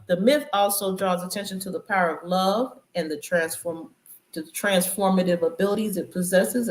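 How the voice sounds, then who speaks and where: Woman preaching casually in an echoey room. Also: mid-range voice. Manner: loose, conversational, preachy riffs. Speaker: channel host. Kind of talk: casual spiritual commentary.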